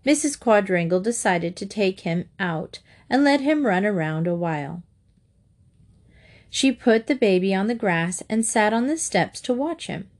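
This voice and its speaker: Female storybook narrator, clear and steady, mid-pitched. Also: a little slow. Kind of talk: reading a children's storybook aloud.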